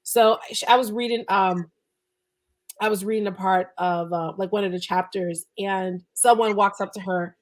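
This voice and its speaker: A woman's voice: medium pitch, fairly even intonation, normal speed. Chatty woman podcast guest. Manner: chatty, lots of "like" and "you know". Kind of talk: casual podcast conversation.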